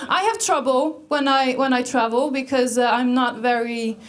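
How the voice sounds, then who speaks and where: A woman's voice: high voice, moderate pace. A woman in her thirties from Iceland with an Icelandic accent, performing a stand-up comedy set in a dry, self-mocking way. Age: 30s.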